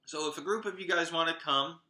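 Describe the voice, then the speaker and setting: A chatty, excitable man rattles through a list of upcoming wrestling shows as if talking to friends. His voice sits a little high and sounds very bright and sharp. The recording has a noticeable echo from the room. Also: brisk. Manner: chatty, excitable, talks straight to viewers. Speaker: wrestling vlogger. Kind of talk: casual event roundup.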